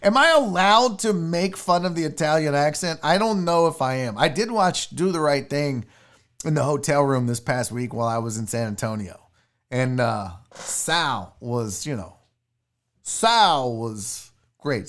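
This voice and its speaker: A man's voice: a little high, animated, a little slow, fairly bright tone. A man hosting a casual sports livestream, rambling, jokey and profane, fiddling with his screen as he talks. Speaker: sports show host.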